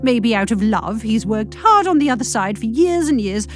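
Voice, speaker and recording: A British woman reading a comic novel aloud in a wry, brisk, expressive way, with deadpan asides. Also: a little high, faint music behind.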